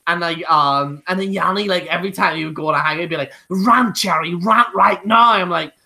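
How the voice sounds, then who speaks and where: A man hosting a casual live chat, telling animated stories and swearing freely. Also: on the high side, fast, creaky. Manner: animated storyteller, swears, mimics others. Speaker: host.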